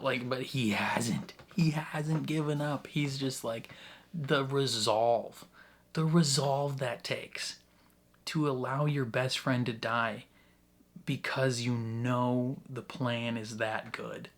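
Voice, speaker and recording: A man hosting a casual reaction video, rambling excitedly with frequent laughs and restarts. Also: medium pitch, slow. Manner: excitable, laughs often between thoughts; rambling with many restarts and fillers. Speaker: YouTube reaction host.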